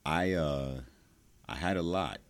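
A man with an extremely deep, low voice chatting casually as a podcast guest. He is laid-back and hesitant, pausing often with "um" and "uh" as he recalls his story.

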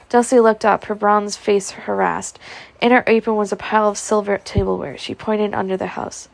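A woman narrates a novel in a gravelly voice, reading at a steady pace with small stumbles and restarts. Her voice is close to the mic in a dry, deadened space. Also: mid-range voice, fairly quick, no echo. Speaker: audiobook reader.

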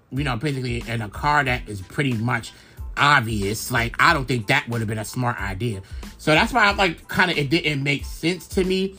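A young man from Brooklyn, New York, hosts a podcast, delivering a rambling, profane gossip monologue heavy with fillers. His mid-range voice comes across pushed and bright.

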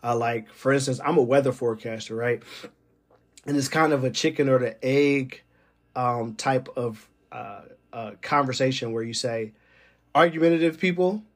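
A man's voice: medium pitch, slightly rough. A man who works as a military weather forecaster, talking in a loose, rambling monologue full of fillers and uneasy laughs. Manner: rambling, digressive, many fillers. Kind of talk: casual monologue.

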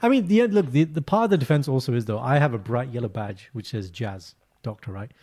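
A man co-hosting a podcast, telling a story in a casual, animated way and jumping into high, exaggerated voices. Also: brisk. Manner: animated storytelling, breaks into high mock greetings. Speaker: podcast co-host. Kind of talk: casual chat.

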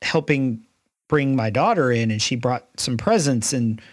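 Casting: middle-aged male co-host, medium pitch, halting faith chat, dry close mic. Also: lively intonation, dry recording. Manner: halting, many restarts. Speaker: podcast co-host. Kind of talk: casual faith discussion.

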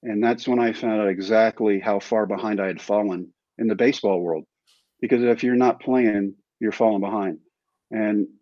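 A man's voice: on the low side, a little mellow, no room sound. A man from Texas telling his own story as an interview guest, in a wry, self-deprecating way. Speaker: interview guest, former pro baseball player. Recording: dry, slightly dull recording.

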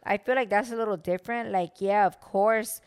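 Blunt, animated woman co-host. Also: medium pitch, clear, resonant tone. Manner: blunt, animated, quick to push back. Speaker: podcast co-host. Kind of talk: casual chat.

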